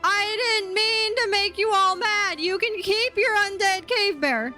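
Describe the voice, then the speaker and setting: A woman streaming a game, chatting casually and excitably, yelping and laughing as she plays. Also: very high-pitched, measured pace, soft background music. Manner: chatty and excitable, yelps and laughs while playing. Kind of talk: casual gaming commentary.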